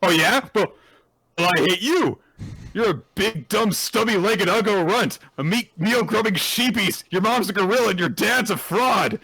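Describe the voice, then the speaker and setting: A man doing a shrill, sneering rich brat. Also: normal speed, bright, forceful tone, husky, dry recording, poor audio. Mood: bratty taunting. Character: bratty, boastful rich schoolboy.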